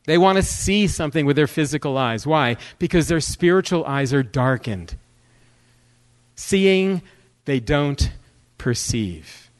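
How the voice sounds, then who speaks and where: A man with a fairly high voice preaches in a joking, conversational way. He moves from scripture into lively stories and asides, pulling the listeners along with quick questions. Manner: joking, conversational, animated storyteller. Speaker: guest speaker. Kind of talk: sermon with humor.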